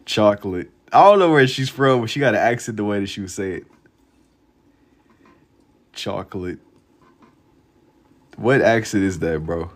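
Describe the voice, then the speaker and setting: A laid-back young man talks loosely with his live-stream chat as he draws, dropping slang between thoughts. His voice sits a little low. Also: brisk, few pauses. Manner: laid-back slang-heavy banter, reads chat aloud. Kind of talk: casual live-stream chat while drawing.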